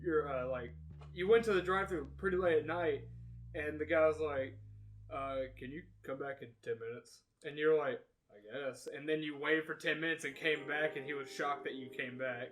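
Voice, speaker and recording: A man's voice: fairly high pitch, normal speed, soft background music. A young man co-hosting a podcast, casually telling stories, swearing and quoting others. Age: young adult. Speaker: podcast co-host. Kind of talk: casual storytelling chat.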